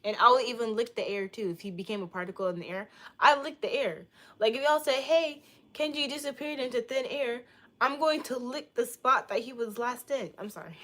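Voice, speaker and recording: A woman's voice: a little high, lively intonation, a little fast, fairly bright tone. Playful joking young woman streamer. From Boston, United States. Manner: playful, joking, crude and teasing. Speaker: livestreamer answering chat. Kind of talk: casual livestream chat.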